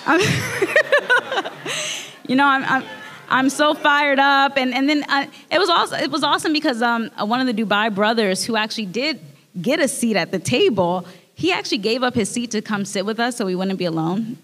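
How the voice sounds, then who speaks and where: Woman, fairly high voice, earnest emotional testimony, frequent restarts, long hall reverb. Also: a little fast, fairly bright tone. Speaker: speaker sharing a communion message. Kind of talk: personal testimony at a church service.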